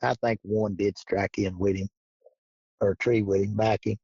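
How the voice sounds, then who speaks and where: Gravelly man telling stories. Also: on the low side, level tone, normal speed, a little mellow, dry recording. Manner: folksy, drawling, laughs through stories. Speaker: guest. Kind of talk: casual storytelling. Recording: dull lo-fi podcast audio.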